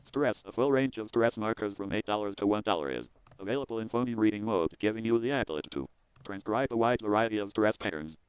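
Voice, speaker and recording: A man hosting his own video, reading a technical software manual aloud in a measured, word-by-word way with small restarts. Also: lowish voice, lively intonation, clear, resonant tone, no echo, muffled recording. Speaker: host.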